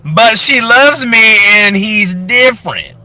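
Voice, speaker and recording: A man's voice: high voice, lively intonation, takes it slowly, bright, forceful tone, dry recording, voice pushed up, full character voice. A man playing a gushing lovestruck woman. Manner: gushing, dramatic, drawn out. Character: giddy lovestruck woman posting online updates.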